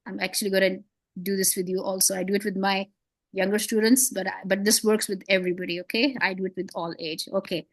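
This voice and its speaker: A woman's voice: medium pitch, flat delivery, fast, no room sound. A woman teaching beginners to read, patient and encouraging, with playful memory tricks and frequent praise. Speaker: Quran reading teacher. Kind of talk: one-on-one beginner lesson.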